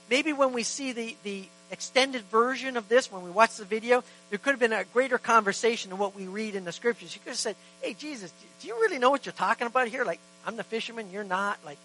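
A man preaching a sermon in a church, impassioned, swinging between loud emphatic lines and hushed quiet ones, acting out quoted dialogue in conversational asides. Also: extremely high pitch, poor audio. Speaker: pastor.

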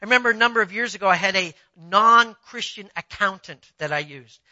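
A pastor preaching a sermon in a conversational way, telling personal stories and often asking the listeners if they follow, swinging between quiet asides and emphatic points. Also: medium pitch, brisk, no room sound, highs cut off. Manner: conversational preaching, asks the audience "you see what I'm saying".

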